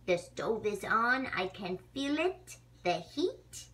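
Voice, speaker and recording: A woman voicing an eager, greedy male bulldog who waits for cookies and narrates his thoughts in a hushed, conspiratorial way. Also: medium pitch, big pitch swings, slow pace, pitched below the performer's own voice. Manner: hushed, conspiratorial inner-monologue.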